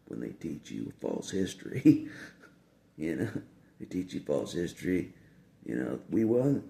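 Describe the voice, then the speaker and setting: Deep gravelly man, chuckling. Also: dark tone. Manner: chuckles between phrases, repetitive and insistent. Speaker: video blogger. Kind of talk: casual rambling monologue to camera. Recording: echoey room with faint background hum.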